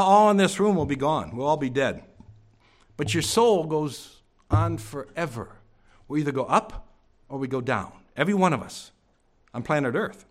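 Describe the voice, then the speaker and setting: Preaching man with a sudden hush. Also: on the high side. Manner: preaching with rhetorical questions and sudden drops to a hush. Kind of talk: sermon. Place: church.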